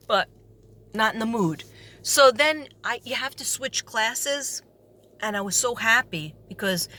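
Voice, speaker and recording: A woman with a New York accent, a substitute teacher telling a story in a sarcastic, animated way and acting out the people in it. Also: medium pitch. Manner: animated, sarcastic, acts out quoted voices. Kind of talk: storytelling vlog.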